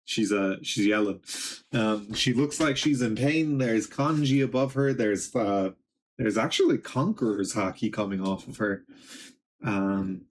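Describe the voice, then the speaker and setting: A young man streaming a live reaction, reading a comic aloud and reading its dialogue in his plain voice, in a casual, halting way. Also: lowish voice, slight background noise.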